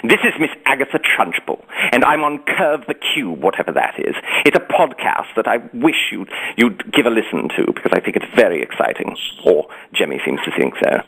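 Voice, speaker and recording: A man's voice: mid-range voice, sing-song, brisk, gravelly, few pauses, fairly bright tone, breathy edge, exaggerated voice, low-quality recording. A man voicing a stern, imposing female headmistress with a grand, condescending manner. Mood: haughty.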